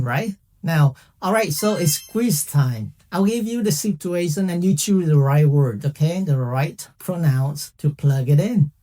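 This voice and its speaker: A man's voice: fairly high pitch, warm tone. A man teaching a casual language lesson, chatty and playful, often checking in with "okay?". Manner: playful, laughs at own jokes.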